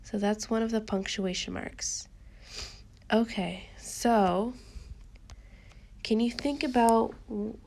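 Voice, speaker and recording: A woman's voice: medium pitch, gravelly, dark tone. A woman teacher reading a picture book with a young child, patiently explaining each step.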